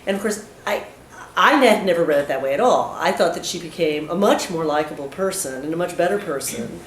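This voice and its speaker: A woman's voice: fairly low pitch, animated, brisk. A woman professor asking a long, thoughtful question from the audience, with frequent restarts. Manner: thoughtful, hesitant, with many restarts. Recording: echoey room with faint hiss.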